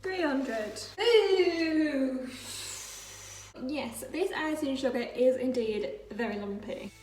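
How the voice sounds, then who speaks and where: A woman's voice: on the high side, animated, unhurried, a little mellow, faint music behind. A young woman chatting to camera while she bakes in her home kitchen, self-mocking and casual. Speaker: vlogger. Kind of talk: casual chatty baking vlog. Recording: echoey kitchen with faint noise.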